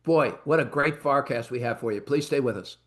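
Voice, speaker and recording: A man's voice: mid-range voice, brisk. A man hosting a finance podcast, talking casually in a rambling, storytelling way with plenty of fillers. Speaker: podcast host. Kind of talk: casual chat.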